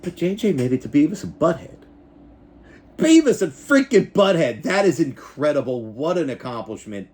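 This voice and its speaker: Man, 40s, vlog host; rambling, profane, very animated delivery with a wide pitch swing. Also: moderate pace. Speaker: YouTuber and backyard wrestling show host. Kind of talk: casual reaction vlog.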